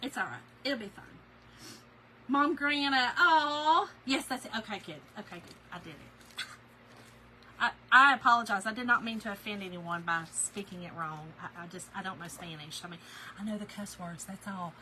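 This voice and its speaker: A woman's voice: mid-range voice, normal speed, pushed and bright, slight background noise, poor audio. A middle-aged woman hosts a casual craft live stream, chatting and gushing while reading viewer comments.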